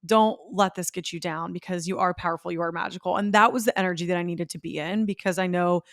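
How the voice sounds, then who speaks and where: A woman's voice: lowish voice, fairly even intonation, fast talker, no echo, clean studio sound. A young woman hosting a podcast, telling a personal story in an earnest, emotional way. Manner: emotional, earnest, quotes others in her own voice. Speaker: podcast host. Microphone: podcast microphone.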